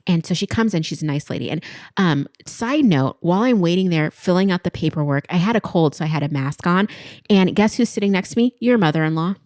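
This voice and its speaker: A woman's voice: fairly low pitch, expressive, a little fast, darkish tone, no room sound, studio quality. A woman in her thirties, co-hosting a podcast in casual chat and telling a story, acting out what other people said. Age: 30s. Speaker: podcast co-host. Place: podcast studio.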